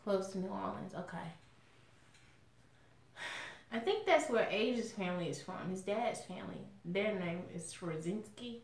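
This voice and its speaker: A woman's voice: mid-range voice, lively intonation, a little slow, pauses often. Chatty Southern woman, echoey room. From Southern US, Alabama. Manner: chatty, folksy, outspoken. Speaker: mukbang vlogger. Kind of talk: casual chat to viewers while eating.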